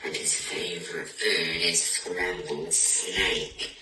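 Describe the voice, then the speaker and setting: A man's voice: sits low, little pitch movement, takes it slowly. A man voicing a small, clever, bluffing mouse in a picture-book reading, in a playful sing-song voice. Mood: cheeky. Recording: echoey room, distant mic, noisy.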